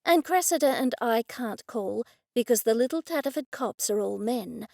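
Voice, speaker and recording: Matter-of-fact woman amateur sleuth, the narrator's own voice, bright pitch. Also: expressive, normal speed, vocal fry, no echo, studio quality. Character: practical woman amateur sleuth, first-person heroine.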